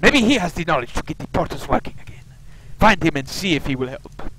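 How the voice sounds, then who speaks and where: A man doing a grave village clan leader from a video game, speaking in a put-on Russian accent. His voice sits a little high for a man, with a faint hiss of noise behind it. The delivery is formal and solemn. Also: very animated, fairly quick, bright, forceful tone, low-quality recording.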